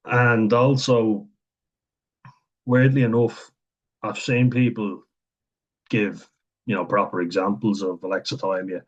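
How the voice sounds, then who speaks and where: A man talking casually to camera, thinking aloud with frequent chuckles and pauses. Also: on the low side, level tone, dull audio. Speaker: vlogger talking about autism. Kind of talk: casual unscripted monologue.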